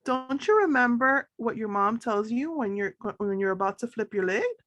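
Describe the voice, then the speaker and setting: Lady doing a sweet scatterbrained hippocampus lady from a storybook, kinda high, soft. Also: expressive, moderate pace, no room sound. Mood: gentle. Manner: soft, fond, calls everyone dear. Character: kind motherly female hippocampus, gentle and a bit scatterbrained.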